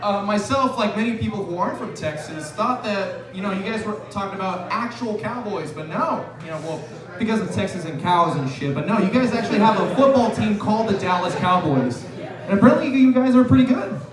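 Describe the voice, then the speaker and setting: A man's voice: high-pitched, expressive, fairly quick. A man in his twenties performing a loose, rambling, profane stand-up set on a bar stage. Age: 20s. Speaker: stand-up comedian. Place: bar stage before a live audience. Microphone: camera far from the stage. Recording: roomy, distant bar recording with crowd.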